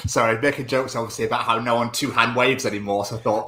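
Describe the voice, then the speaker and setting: A man chatting casually on a podcast, playful and quick to laugh. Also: mid-range voice, slight background noise. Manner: giggly, playful, animated storyteller.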